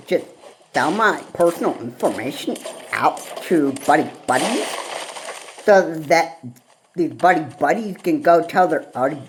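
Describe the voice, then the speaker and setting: A woman vlogger in a rambling solo rant, halting and repetitive, with frequent pauses and fillers. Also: low-pitched, animated, slight background noise, poor audio.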